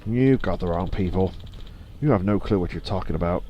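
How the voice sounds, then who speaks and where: A man's voice: sits low, a little fast, lo-fi sound, slight background noise, close to an everyday voice. A man voicing a hostile male street thug who speaks in a blunt, threatening way. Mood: menacing.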